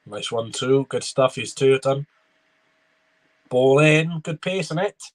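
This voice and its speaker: A man's voice: mid-range voice, slow pace. A young man talks over a live football match. He chats casually, calls the play as it happens and answers messages from his viewers in between. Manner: chatty running commentary, reading out viewer messages. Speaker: football watchalong streamer. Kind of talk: live match reaction with chat replies.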